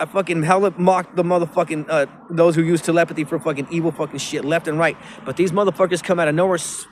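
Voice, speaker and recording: A man's voice: a little high, a little hiss or hum. A man rambling profanely into his phone outdoors by a river, with many restarts. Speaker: vlogger.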